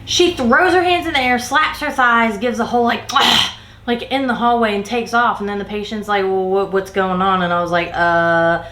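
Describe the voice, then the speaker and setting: A beauty vlogger with a fairly high-pitched voice chats through a workplace storytime as she applies makeup, speaking fairly quickly with barely a pause. She animatedly acts out her coworkers' lines and says "like" constantly, in a recording with roomy echo.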